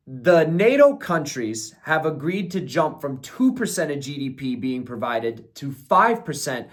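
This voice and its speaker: Young male commentator, slightly higher voice, blunt and opinionated, strings his points together in long run-on sentences. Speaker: political commentator. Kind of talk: solo commentary video.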